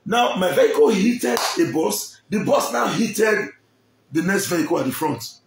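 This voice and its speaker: A Nigerian man recounts a personal story with real drama, jumping across a wide, high-pitched range. His voice has a gravelly edge. The room around him is echoey. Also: lively intonation, unhurried, noisy background. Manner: dramatic, acts out the people he quotes.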